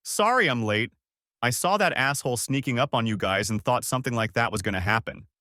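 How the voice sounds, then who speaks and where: A man voicing a loyal male friend who speaks in a brisk, matter-of-fact way. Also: mid-range voice, expressive, pushed and bright, no room sound, studio quality.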